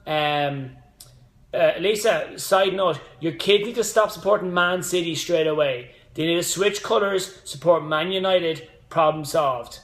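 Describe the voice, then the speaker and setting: A man's voice: a little high, unhurried, a bit bright. A man in his thirties, a fitness coach hosting a casual live stream, rambling with side notes and motivational asides. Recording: echoey room.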